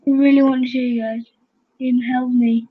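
A woman hosting a gaming channel, chattering excitedly to her fellow players as she plays. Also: high-pitched, moderate pace. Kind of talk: casual gameplay commentary. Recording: dull lo-fi home recording.

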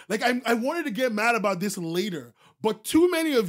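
A man hosting a livestreamed podcast, explaining contracts calmly, then breaking into loud, profane rants and laughing as he goes. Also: extremely high pitch, brisk, few pauses. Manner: swings from calm explaining to loud profane ranting; heavy fillers and restarts, laughs often. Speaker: podcast host. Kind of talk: livestream commentary.

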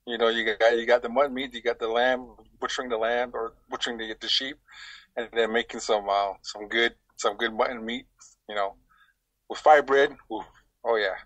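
A man's voice: medium pitch, steady tone, moderate pace, fairly bright tone, no room sound, low-quality recording. Ranger guy on a podcast, dry close mic, easygoing, chuckles while he talks. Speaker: ranger and guest. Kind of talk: casual interview answers.

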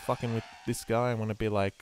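A man with a fairly low voice narrates his gameplay in a loose, rambling way, dropping casual swear words. He sounds sleepy and keeps yawning between remarks. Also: level tone, quick pace, a little hiss or hum. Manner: rambling, swears freely, self-mocking. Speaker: gameplay commentator. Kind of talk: casual let's-play commentary.

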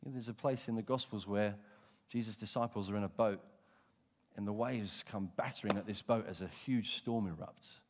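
A man preaching a sermon as pastor, telling stories with animation and dropping to a hush for emphasis. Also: on the low side, normal speed, big-room sound, a little hiss or hum. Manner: animated storytelling, acting out voices, dropping to hushed emphasis.

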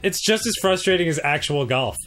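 A man's voice: on the high side, expressive, a little fast, a bit bright, soft background music. A man teasing his co-host and laughing easily while commentating a video game. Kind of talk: laid-back let's-play banter.

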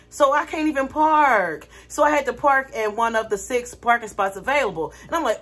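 A woman's voice: fairly high pitch, brisk, hardly any pauses. A woman vlogger talking casually to her viewers, telling a dramatic story with lots of energy. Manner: animated, dramatic retelling with laughter.

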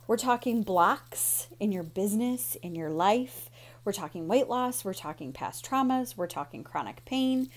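A woman's voice: mid-range voice, lively intonation, measured pace. Woman coach guiding viewers through tapping steps, encouraging and direct. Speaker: emotion coach. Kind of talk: instructional talk guiding tapping.

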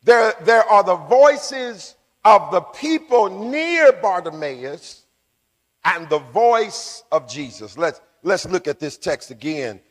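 A man with a high voice preaches a sermon in a church, and a long reverb trails his words around the hall. He calls on the congregation to answer him back and rises into shouts as he goes. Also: animated, slow pace. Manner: call-and-response preaching, building to shouts. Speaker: pastor. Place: church sanctuary.

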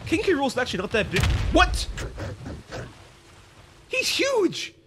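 High-voiced, excitable man reacting loudly. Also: fast, noisy background. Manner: excitable, gasping and shouting in disbelief. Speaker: reaction video host. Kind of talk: excited live reaction commentary. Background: trailer music playing.

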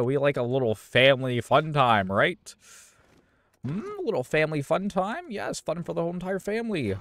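A man's voice: a little high, lively intonation, normal speed, fairly bright tone. A man giving profane, exasperated gameplay commentary and taunting game enemies aloud. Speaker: gaming YouTuber.

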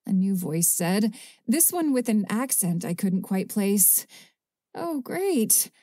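Woman reading a fantasy audiobook, warm mellow tone, dead dry booth sound. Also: mid-range voice, expressive, measured pace, no echo. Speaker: audiobook narrator. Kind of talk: first-person audiobook narration.

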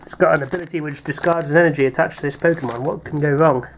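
A man's voice: fairly high pitch, fairly even intonation, quick pace, a little hiss or hum. A British man chatting playfully while opening card packs, reading out names with little laughs. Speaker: card pack opener, co-host. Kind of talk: casual unboxing chat.

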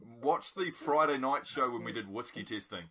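A man's voice: mid-range voice, moderate pace, over a noisy crowd. A man, co-hosting and telling a teasing story in casual banter. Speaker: co-host.

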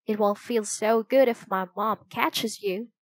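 A woman's voice: medium pitch, steady tone, unhurried, no echo, close to an everyday voice. A woman reading the part of an eager, helpful young boy in a storybook, in a friendly, slightly raised voice.

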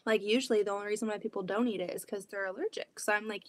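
A woman's voice: mid-range voice, steady tone, fairly quick. A woman hosting a quilting livestream from her home basement, reading comments aloud in a chatty, giggly way full of restarts. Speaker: quilting channel host.

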